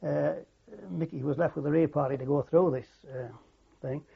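Older man, gravelly and husky, lo-fi tape. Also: a little high, fairly even intonation. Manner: halting, reflective, many fillers and restarts. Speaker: war veteran interviewee. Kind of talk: oral history interview. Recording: dull lo-fi recording.

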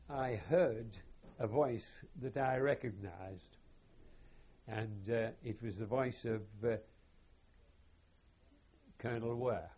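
An older man, recalling his wartime service in an oral history interview in a halting, measured way with wry self-deprecation, on a dull lo-fi recording. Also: mid-range voice, dark tone, husky. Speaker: veteran interviewee.

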